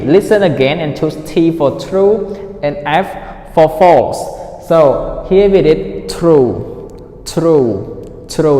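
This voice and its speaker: A man's voice: fairly high pitch, warm tone. Male English teacher explaining a listening exercise in an echoey room with a long reverb tail; drills pronunciation through repetition. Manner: repeats words to drill pronunciation; asks the class frequent "right?" checks. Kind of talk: classroom listening lesson.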